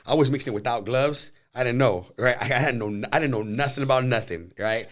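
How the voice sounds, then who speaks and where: A man guest on a podcast, telling rough street stories in a casual, profane, animated way and acting out the voices of the people in them. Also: mid-range voice, fairly quick. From Southern California. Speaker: podcast guest, jiu-jitsu instructor. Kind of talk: casual storytelling. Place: podcast studio.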